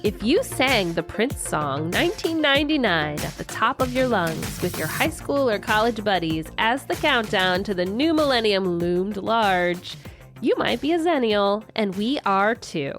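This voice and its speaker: A woman's voice: medium pitch, big pitch swings, measured pace. Woman co-host, playful and in charge of the chat, with faint music behind. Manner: upbeat, teasing, leads the conversation. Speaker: podcast co-host. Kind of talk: casual chat with a scripted intro.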